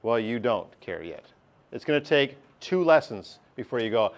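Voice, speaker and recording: A man's voice: medium pitch, animated, moderate pace. A male teacher, giving a chatty classroom lesson and often checking in with his class.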